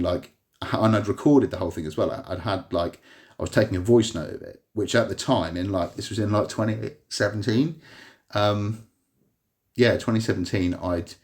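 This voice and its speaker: Deep and a little mellow, this man's voice carries a rambling monologue to camera. He's a vlogger in a hospital room recounting a personal grievance to a tripod-mounted phone, restarting often and using lots of fillers.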